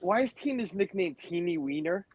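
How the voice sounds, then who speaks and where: A co-host on a group livestream making wry, deadpan remarks. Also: mid-range voice, normal speed, crowd noise. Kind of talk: casual group chat on a video call.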